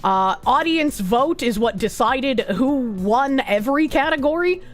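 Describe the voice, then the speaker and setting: A woman's voice: high voice, expressive, measured pace. A woman streamer chatting casually with her viewers, swearing often and rambling off on tangents. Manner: swears a lot, rambling and self-interrupting. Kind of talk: casual live-stream chat.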